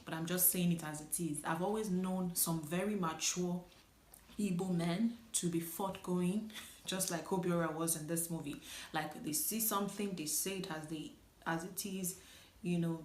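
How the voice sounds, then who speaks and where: A woman's voice: lowish voice, steady tone, moderate pace, darkish tone. A woman from Nigeria giving a casual, candid spoken movie review, chatting directly to viewers and laughing often. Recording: echoey room.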